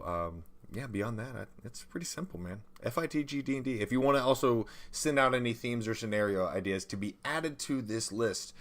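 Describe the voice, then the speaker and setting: A man co-hosting a tabletop gaming podcast, chatting casually and reading out where to find the show. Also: on the low side. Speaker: podcast co-host. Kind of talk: casual chat.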